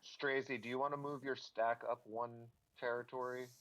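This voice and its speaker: A man's voice: mid-range voice, level tone, normal speed, a bit bright, rough recording. A young man chatting as a player in a streamed game, thinking aloud and restarting his sentences often. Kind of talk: casual chat while streaming a game.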